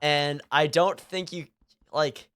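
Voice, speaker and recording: Slow-talking young man streamer from California. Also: fairly high pitch, fairly even intonation, fairly bright tone. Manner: rambling, laughs often, lots of fillers. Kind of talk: casual gaming stream chat.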